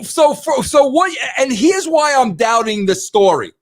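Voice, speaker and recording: Very high-voiced teasing podcast host. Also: male voice, animated, measured pace. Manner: teasing, repeats his jabs. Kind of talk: casual podcast banter.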